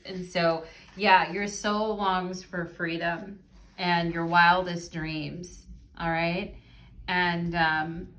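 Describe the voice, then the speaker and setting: A young woman with a slightly low voice gives a chatty tarot reading to her viewers. She talks in an effusive, casual way, calls them "you guys", and reads guidebook passages aloud. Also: fairly bright tone. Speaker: tarot reader.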